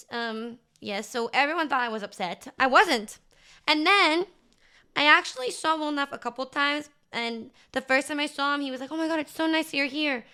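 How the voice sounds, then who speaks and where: A woman's voice: high voice, sharp tone. A woman streamer chatting casually to her viewers, gushing and rambling with lots of filler words. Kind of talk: casual livestream chat recap.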